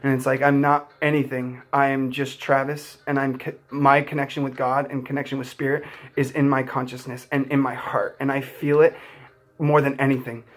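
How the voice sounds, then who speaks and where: A man's voice: mid-range voice, little pitch movement, moderate pace. A young man vlogging, telling a personal story in an earnest, heartfelt, rambling way full of "like" fillers. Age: young adult.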